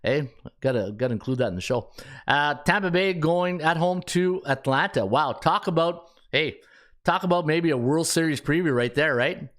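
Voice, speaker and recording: A man's voice: fairly high pitch, moderate pace, a bit bright. A man with a Canadian accent hosting a sports betting podcast, chatting casually, thinking aloud and joking with himself as he works through the numbers.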